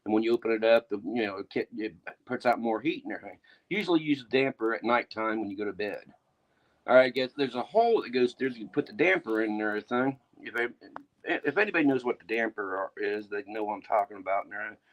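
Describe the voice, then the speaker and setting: A man's voice: lowish voice, lively intonation, quick pace, lo-fi sound. Plain-spoken man explaining things. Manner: plain, rambling explanation with filler phrases. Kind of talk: casual livestream chat.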